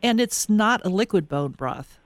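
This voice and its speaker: A woman's voice: medium pitch, animated, unhurried, dry recording, clean studio sound. A woman hosting a food podcast, reading her intro earnestly and then interviewing a guest. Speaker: podcast host.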